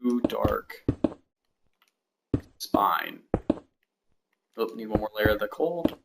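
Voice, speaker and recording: A man's voice: lowish voice, slow pace, vocal fry, very noisy. Rambling streamer man, clicks behind. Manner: rambling, self-deprecating, thinking aloud while counting blocks. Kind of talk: casual livestream chat while building in a game. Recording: steady mouse and keyboard clicks behind.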